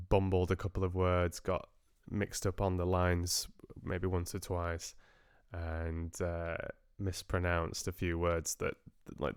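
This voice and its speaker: Man with a low, resonant voice, casual streamer chatter, hesitant and self-correcting, dry close sound. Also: smooth, no echo. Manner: rambling, hesitant, restarts his sentences often. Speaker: audiobook narrator hosting a live stream. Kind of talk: casual chat with live-stream viewers.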